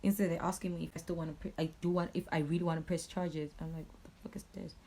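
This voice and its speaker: Low-voiced angry Swazi woman. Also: very fast, slight background noise. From Eswatini. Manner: angry, animated, swears a lot, switches into siSwati. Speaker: YouTuber. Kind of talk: storytime vlog.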